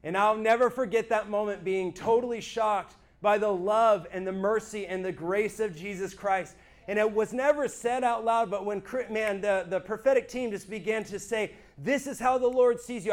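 Speaking at a moderate pace, a man with a high voice gives his church testimony to a small gathering. His delivery is earnest and animated, and he keeps asking whether everyone is following along.

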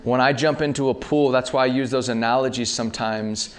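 A man in his thirties preaching a sermon, talking casually to the congregation and building to loud, impassioned peaks. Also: mid-range voice, steady tone, a little fast. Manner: rising to loud impassioned peaks, calls to the audience.

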